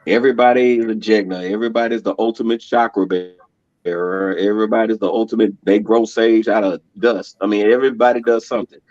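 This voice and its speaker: Male guest, mid-pitched, animated storyteller; muffled, dry recording. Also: fast talker, dry recording. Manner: animated, laughing storyteller who acts out quotes. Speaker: podcast guest. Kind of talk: casual conversation. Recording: dull, dry lo-fi sound.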